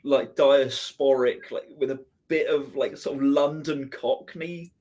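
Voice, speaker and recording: A man's voice: medium pitch, fairly even intonation, a little slow, darkish tone. Thoughtful man, dry humor. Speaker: book discussion guest. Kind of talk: casual video call discussion.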